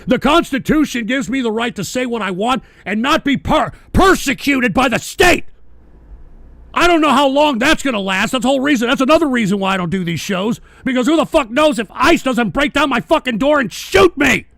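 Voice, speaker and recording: A man hosting a radio show, delivering a profane, angry political rant that often breaks into shouting. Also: very high-pitched, expressive, a little fast, creaky, no echo.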